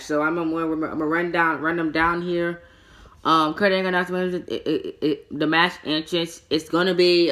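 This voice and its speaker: A man's voice: high voice, a bit bright. Man, casual show review, rambling, stammers and repeats words, exasperated rants. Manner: breaks into exasperated mini-rants.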